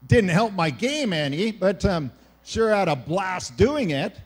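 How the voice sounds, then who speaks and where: A middle-aged man from Canada preaches a sermon in a fairly high voice. His delivery is animated, pushing some lines out loudly and dropping others to a near hush. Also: takes it slowly, slightly rough. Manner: animated preaching, swings between loud emphasis and hushed quiet. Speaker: pastor.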